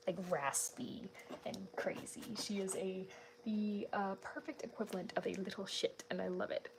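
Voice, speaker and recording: Woman streamer, casual chat while drawing, mid-pitched, chatty and giggly, held-back volume, home at night. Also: steady tone, moderate pace, gravelly, slight background noise. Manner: chatty, laughs often, greets viewers; keeps her voice down so her family is not disturbed. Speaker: art streamer.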